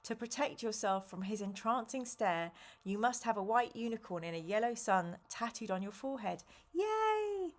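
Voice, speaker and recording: A woman voicing a weary, stern old male wizard who speaks calmly and in measured tones while reading a gamebook aloud. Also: fairly high pitch, close to an everyday voice. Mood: grave, calm.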